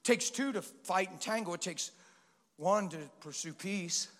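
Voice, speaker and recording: A man preaching a sermon in a passionate, animated way, with sudden loud bursts. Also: high-pitched, a little slow, long reverb tail.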